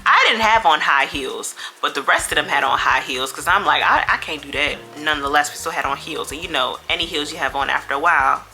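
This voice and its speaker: A woman vlogger telling a storytime in a chatty, slangy, animated way. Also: low voice, quick pace, few pauses, faint music behind. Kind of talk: casual storytime.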